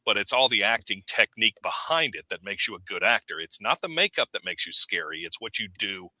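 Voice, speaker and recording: Bright-voiced man telling haunt stories. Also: lowish voice, a little fast, dry recording. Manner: storytelling, animated anecdotes. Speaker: podcast guest. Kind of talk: casual chat.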